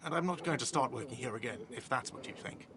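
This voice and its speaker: A man's voice: medium pitch, animated, fast, background noise, natural voice. A man voicing a petulant, defensive male cafeteria manager in a video game. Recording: game audio over a crowd murmur.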